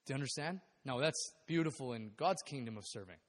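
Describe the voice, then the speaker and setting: A man preaching a sermon, animated and acting out the voices of the people in the story. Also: medium pitch, brisk. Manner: animated, acts out biblical voices. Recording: long hall reverb.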